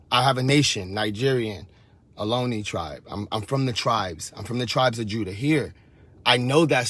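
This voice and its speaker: A man's voice: mid-range voice, a bit bright. A man in his thirties giving a heated, profane monologue, swearing and preaching at the listener. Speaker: vlogger. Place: San Francisco Bay Area.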